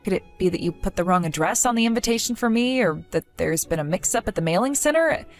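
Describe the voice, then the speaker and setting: A woman's voice: medium pitch, animated, fast talker, soft background music, voice pushed down, lightly acted. A woman voicing an earnest, pleading young woman. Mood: hurt. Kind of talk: scripted audio drama.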